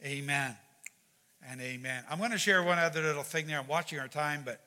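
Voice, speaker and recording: Bright-voiced pastor in a reverberant hall. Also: male voice, a little high, fast talker. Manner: earnest, repeats words, animated when retelling. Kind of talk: sermon with prayer and storytelling.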